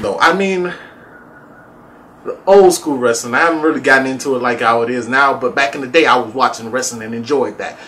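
A man hosting a casual comedic vlog to camera, self-mocking, laughing often and jumping up high in pitch for emphasis. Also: a bit bright. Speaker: vlogger.

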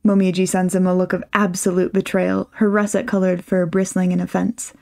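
Woman narrator, audiobook reading, wry and lively, vocal fry. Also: on the low side, brisk, hardly any pauses. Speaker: fan fiction reader.

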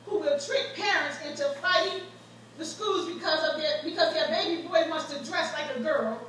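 A woman's voice: high voice, normal speed, a crowd in the background. A woman preaching a sermon as guest preacher, telling stories from her own life with rising fervor. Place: church sanctuary. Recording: echoey church from far off.

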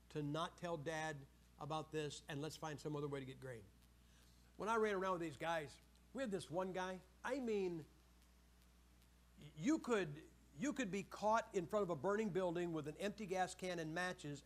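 High-voiced man preaching, animated storyteller who acts out voices. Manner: animated storytelling, asks the audience questions, acts out quoted voices. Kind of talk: sermon.

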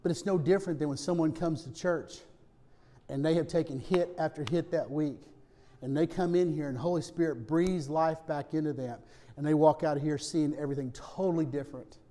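A male pastor preaching a sermon conversationally, often checking in with "okay?" and dropping to hushed tones for serious points. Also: a little high, a little fast. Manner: storytelling with rising emphasis, softening to hushed tones.

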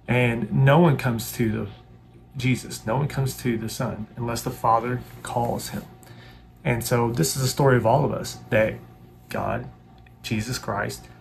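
Gravelly-voiced man leading earnest prayer. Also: mid-range voice. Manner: earnest, pleading, repetitive. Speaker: pastor. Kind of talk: devotional sermon and prayer.

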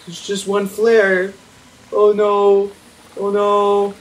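A young man commentating a horror game as he plays, panicky and swearing, yelling at the enemies on screen. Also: sits high, completely flat delivery, very slow. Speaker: gaming YouTuber.

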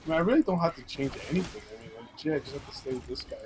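A man's voice: fairly high pitch, animated, very fast, background noise. A man streaming a game, chatting casually with friends and swearing freely. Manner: laid-back, swears casually. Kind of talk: casual gaming chat.

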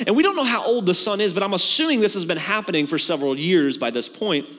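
This preacher's voice sits high and moves fast with few pauses. During his sermon he spins the story in a casual, humorous way and performs the characters' lines, all echoing through a reverberant church sanctuary.

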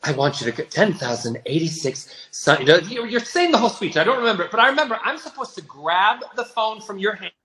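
A man rambles happily through a memory, his pitch swinging up and down. The recording has a roomy echo. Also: lively intonation, fairly quick, few pauses, bright, forceful tone. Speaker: guest performer. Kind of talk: anecdotal chat over video call.

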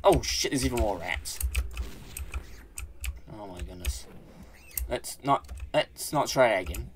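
A man's voice: fairly low pitch, measured pace, slight background noise. A man hosts a let's play and comments on his own gameplay. His voice jumps around a lot as he exclaims, curses and rambles through self-corrections. Faint keyboard clicking sits behind him. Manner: excitable, exclaiming and swearing at the game. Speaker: gaming channel host.

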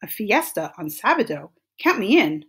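A woman voicing a slow, lazy male tortoise in a storybook read-aloud who gives plodding excuses. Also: medium pitch, big pitch swings, breathy edge.

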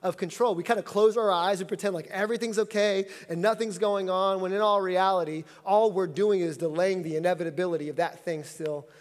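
A man's voice: sits high, steady tone, a little fast, hardly any pauses. A man in his thirties preaching a sermon, telling a funny story in a chatty, joking way. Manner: humorous, conversational storytelling. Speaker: pastor. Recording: long church reverb.

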